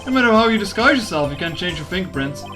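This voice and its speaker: A woman voicing a cool, sharp male prosecutor who asks measured, probing questions. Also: fairly low pitch, animated, music in the background, natural voice.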